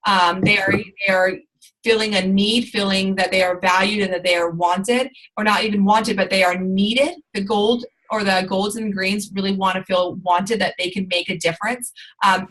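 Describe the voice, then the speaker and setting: A woman's voice: medium pitch, a bit bright, rough recording. A woman giving an informal training talk to her sales team, rambling along with lots of fillers and restarts.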